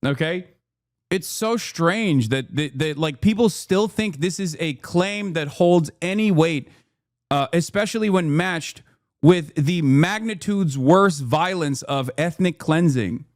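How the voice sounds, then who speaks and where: Man, political streamer, heated profane rant, high pitch, dry close sound. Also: dry recording. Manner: angry, profane, rapid rants with mocking repetition. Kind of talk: heated commentary.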